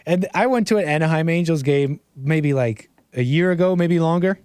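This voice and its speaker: American man, livestream host, casual rambling chat, fairly high voice, dry close sound. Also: moderate pace, smooth, no echo. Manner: rambling and animated, laughs often, reads chat aloud.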